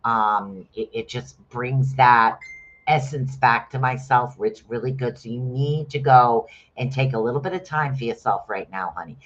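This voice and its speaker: A man's voice: mid-range voice, normal speed, fairly bright tone. Chatty middle-aged man reading runes. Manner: chatty, calls listeners honey. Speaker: rune reader. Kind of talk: casual live-stream reading. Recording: dull lo-fi sound.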